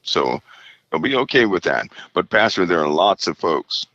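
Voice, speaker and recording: A man guest on a remote call, speaking haltingly and checking in with "right?" as he goes. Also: low voice, very animated, sharp tone, dry recording, highs cut off. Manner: halting, tags lines with "right?". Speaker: interview guest. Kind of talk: casual interview.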